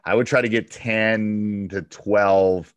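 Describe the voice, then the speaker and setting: A man's voice: lowish voice, steady tone, slow pace, smooth, no echo. A man, a basketball coach and podcast host, giving coaching advice on a one-on-one call and acting out back-and-forth dialogue as he talks.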